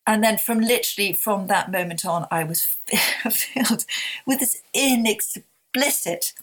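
A woman in her fifties, a guest speaking candidly and heartfelt in an interview, often halting and restarting. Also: mid-range voice, fairly bright tone.

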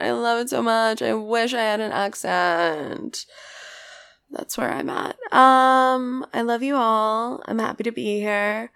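A woman hosting a relaxed podcast intro. She speaks slowly with a gravelly, fry-laden voice, and she is bubbly, affectionate and quick to laugh. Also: a little high. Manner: bubbly, gushing, laughs often. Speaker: podcast host.

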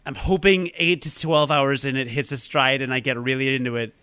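A man's voice: mid-range voice, steady tone, a little fast, sharp tone, clean tone, no room sound. A young man hosting a podcast in casual chat, talkative and self-deprecating, laughing often. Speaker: podcast host.

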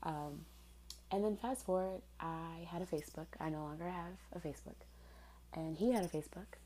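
A woman's voice: on the low side, moderate pace, dark tone, a little hiss or hum, rough recording. A woman in her twenties telling a personal story in a candid, sarcastic way, swearing casually. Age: 20s.

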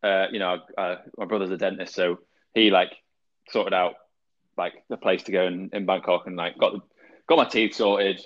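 A man's voice: low voice, fairly even intonation, moderate pace. A man as a guest in a casual chat, telling a story hesitantly with many restarts and repeated words. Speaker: podcast guest. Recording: dull lo-fi recording.

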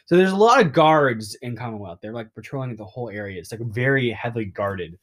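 Young guy on a podcast, mid-pitch voice, rambly and excitable, lots of ums and restarts. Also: fairly quick, hardly any pauses. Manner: openly emotional. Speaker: podcast host. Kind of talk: casual podcast recap of a comic.

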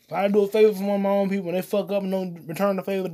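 A man hosting his own solo comedy podcast, cursing often and rambling while he eats popcorn, his voice swinging between loud outbursts and mutters. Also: level tone, very fast. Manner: profane, loud swings in volume and pitch; eating popcorn while talking. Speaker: podcast host.

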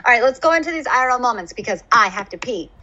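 A woman with a New Jersey accent and a bright, sharp, rather high voice co-hosts a podcast. She tells stories in an animated way and puts on voices when she quotes people. The recording sounds dull and lo-fi. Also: fast talker. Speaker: podcast co-host. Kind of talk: casual chat.

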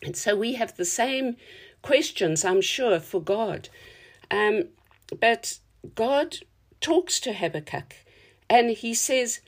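A woman's voice: fairly high pitch, animated, slow pace, long pauses. A woman preaching a sermon in an earnest, reflective teaching tone.

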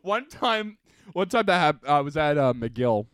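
A man's voice: on the high side, very animated, measured pace, smooth, no echo, studio quality. A young man co-hosting a podcast in casual chat, joking and giggling through a story. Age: young adult. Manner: giggly, joking, laughs hysterically. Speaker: podcast co-host.

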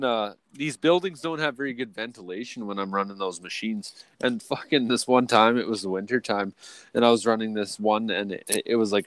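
A man's voice: on the low side, no room sound. A young adult man telling a rambling story with heavy swearing and lots of fillers, co-hosting a casual podcast chat. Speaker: podcast co-host.

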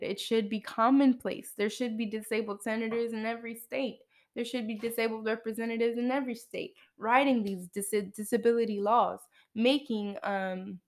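A woman in her twenties talking frankly on her podcast in a casual monologue, with wry asides. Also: medium pitch. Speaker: podcast host.

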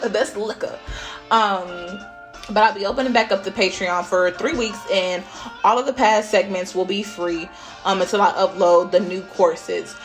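A woman's voice: mid-range voice, steady tone, normal speed, faint music behind. A woman hosting a podcast, giving a casual spiritual pep talk in a blunt, profane way. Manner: blunt and profane, swears freely. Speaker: podcast host.

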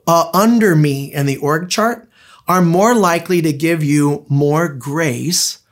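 A man's voice: on the high side, slow pace. Middle-aged male pastor, conversational storytelling sermon delivery. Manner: conversational, anecdotal, with restarts.

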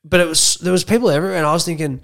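A man's voice: on the high side, racing, vocal fry. A young Australian man co-hosting a podcast, telling loose, swearing stories in casual banter. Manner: loose, joking, swears a lot, loud put-on shouts when retelling. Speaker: podcast co-host.

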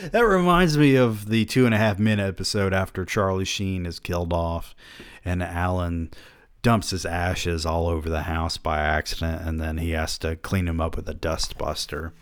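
A man's voice: sits low, flat delivery, moderate pace, smooth, no echo. A man reading a story aloud who keeps breaking off to mock himself in sardonic comic asides. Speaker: reader of a story.

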